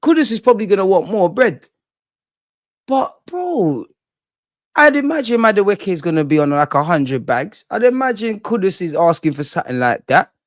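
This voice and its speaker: Fan-channel host, young man, animated and exasperated, high-pitched, dry. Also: normal speed, dry recording. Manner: animated, profane, exasperated ranting. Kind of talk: ranting fan commentary.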